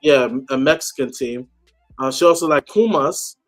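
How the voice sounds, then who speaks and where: A man's voice: fairly high pitch, normal speed, faint music behind. A man chatting casually on a call-in show, telling a story animatedly and acting out the people he quotes. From United States.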